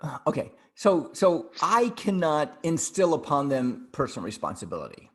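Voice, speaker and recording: A man's voice: a little high, very animated, normal speed, a bit bright. A middle-aged man co-hosting a podcast over a video call, talking things over reflectively and often repeating words while he thinks. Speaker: podcast co-host.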